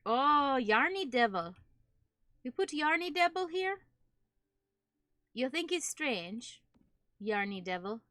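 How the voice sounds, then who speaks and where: A woman putting on a broken-English character with a mock German accent, her words slow and deliberate. Her tone is bright and a little high. It sounds close and dry, with no room echo. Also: sing-song, heavily acted. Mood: deadpan playful. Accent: put-on German. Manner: clipped broken grammar, drops articles. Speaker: streamer. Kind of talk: playful put-on voice while streaming.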